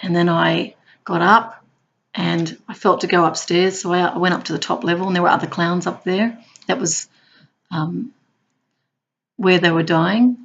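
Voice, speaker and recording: A woman who works as a hospital clown tells her stories playfully, now and then jumping into high squeals. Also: steady tone, moderate pace, creaky, dull audio. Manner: warm, playful, bursts into high squeals when acting out clowning. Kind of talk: personal storytelling.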